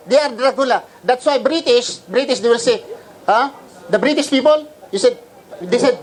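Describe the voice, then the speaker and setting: A man's voice: very high voice, lively intonation, fairly quick, rough recording. Filipino man giving a combative religious lecture. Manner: rhetorical, peppered with questions to the audience. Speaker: Islamic preacher.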